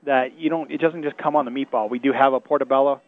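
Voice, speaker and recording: A man's voice: medium pitch, steady tone, fast. A man who manages a restaurant, answering a radio host's questions and hesitating often with fillers. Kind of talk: radio interview guest. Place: inside a restaurant. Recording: narrow phone-like radio broadcast.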